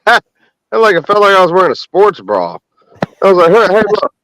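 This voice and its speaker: Man, casual crude storyteller, lively swooping pitch, dry close sound. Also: a little fast, dry recording, low-quality recording. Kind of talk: casual chat.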